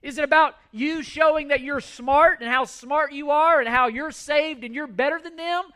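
High, bright-voiced man preaching earnestly. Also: normal speed. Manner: earnest, pleading, repeats words as he restarts. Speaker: pastor. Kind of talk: sermon.

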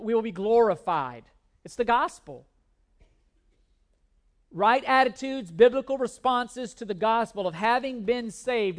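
A pastor preaching a sermon in an emphatic way, repeating key words for stress, with self-deprecating humor. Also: mid-range voice.

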